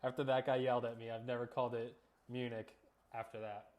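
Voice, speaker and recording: A man hosting a casual cooking vlog, telling relaxed, joking stories as he cooks and eats in his home kitchen. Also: mid-range voice, a little fast, dull audio. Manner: relaxed storytelling with jokes. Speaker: cooking vlogger.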